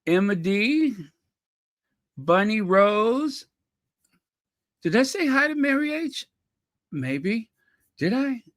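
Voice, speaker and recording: Slow, dry-voiced man reading chat names. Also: sits high, very animated, fairly bright tone, dry recording. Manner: playful, reads out viewer names with mock-posh asides. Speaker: channel host greeting live chat. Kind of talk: casual livestream chat.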